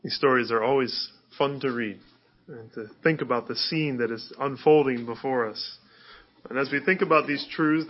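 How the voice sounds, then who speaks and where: A man's voice: medium pitch, dull audio. A male pastor preaching a sermon in an easygoing, conversational way, with fillers and restarts.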